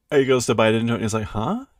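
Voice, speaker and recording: A man's voice: mid-range voice, dry recording, clean studio sound. A man casually reading a comic aloud, translating as he goes and mimicking its sound effects with playful noises. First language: English. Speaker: streamer reading manga aloud. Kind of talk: casual read-through with translation.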